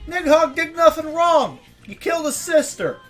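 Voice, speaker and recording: A woman's voice: high voice, animated, moderate pace, a bit bright, soft background music. A woman streamer chatting casually, ranting and swearing with frequent laughter.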